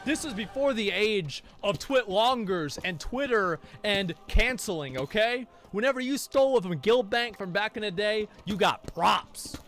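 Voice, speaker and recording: A man telling a casual story in an animated, profane way, acting out his friends' quoted lines. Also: high-pitched, unhurried, hardly any pauses.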